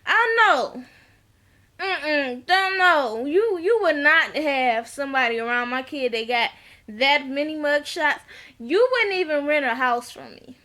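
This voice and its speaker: A TV recap vlogger with a high, bright voice casually walks through a reality show episode at an easy, unhurried pace. She's blunt and talkative, swears freely, and laughs often. She also acts out the dialogue of the people she quotes in their voices.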